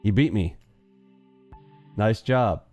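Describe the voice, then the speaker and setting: A man's voice: on the low side, takes it slowly, darkish tone, soft background music. A man hosting a live trading stream in casual chat, joking and rambling with playful sound effects.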